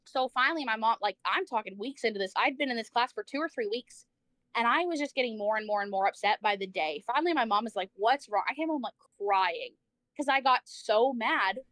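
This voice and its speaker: A woman's voice: fairly high pitch, lively intonation, brisk, a bit bright, dry recording. A woman livestreamer telling a personal story in casual chat, saying "like" a lot, swearing freely and acting out the people she quotes.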